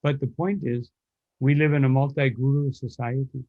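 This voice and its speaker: Gravelly man telling devotional stories. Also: mid-range voice, fairly even intonation, normal speed, no echo, narrow, tinny audio. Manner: hesitant, frequent fillers. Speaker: spiritual teacher. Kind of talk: devotional storytelling lecture.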